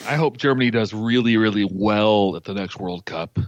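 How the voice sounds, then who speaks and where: Male podcast guest, low voice, eager storyteller; dry, slightly dull recording. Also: moderate pace, no room sound. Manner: enthusiastic storyteller, animated. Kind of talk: casual podcast chat.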